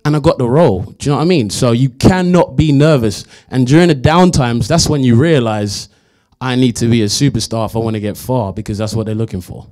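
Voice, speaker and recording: A young adult man, a guest actor at a Q&A, telling animated stories and acting out quotes with laughs. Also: mid-range voice, fairly quick. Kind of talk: anecdotal storytelling at a Q&A.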